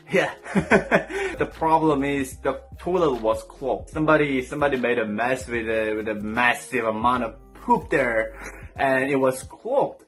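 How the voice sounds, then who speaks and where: A man's voice: mid-range voice, fairly bright tone. A young man from South Korea, speaking English with a Korean accent, telling funny stories in a storytime vlog and acting out the people in them as he laughs. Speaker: vlogger.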